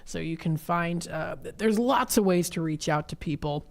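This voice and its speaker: Lady radio host reading off websites, lots of uhs, lowish voice. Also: normal speed, gravelly. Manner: chatty, reads listings off websites, many fillers. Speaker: radio shopping show host. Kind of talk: casual local radio chat. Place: radio studio.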